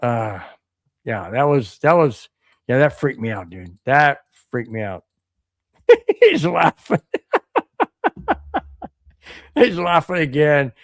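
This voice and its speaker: American man, podcast co-host, rambling and excitable, slightly high voice, dry close mic. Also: no echo. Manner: rambling storyteller, excitable, reads super chats. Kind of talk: casual sports podcast chat.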